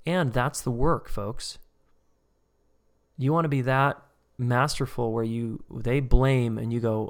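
A man's voice: mid-range voice, fairly even intonation, takes it slowly. Conversational man teaching a webinar. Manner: conversational, acts out dialogues. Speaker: course instructor.

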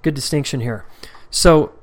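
A man's voice: on the high side, measured pace. A man coaching a live group call in a casual, candid way. He reads out members' comments and answers questions. Now and then he acts out short dialogues, and his voice shifts for them.

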